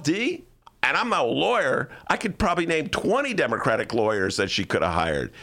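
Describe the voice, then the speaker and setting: A man hosting political talk radio, animated and sarcastic, speaking to listeners as folks. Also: medium pitch, a little fast. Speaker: radio talk show host. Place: radio studio.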